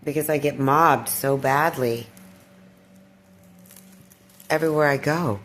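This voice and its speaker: A woman talking in a personal vlog monologue, weary and distressed, sighing and clearing her throat. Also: deep voice, slow, fairly bright tone, a little hiss or hum. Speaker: video blogger.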